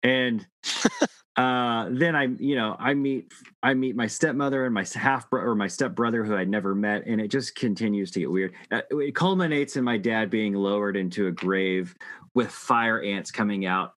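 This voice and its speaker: Low-voiced man telling a rambling story. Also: fairly bright tone, dry recording. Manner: rambling, halting with many restarts. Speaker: guest telling a personal story. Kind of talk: casual storytelling chat.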